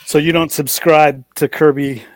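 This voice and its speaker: A man hosting a podcast, chatting in a quick, amused way. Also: fairly high pitch, little pitch movement. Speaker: host. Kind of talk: casual podcast chat.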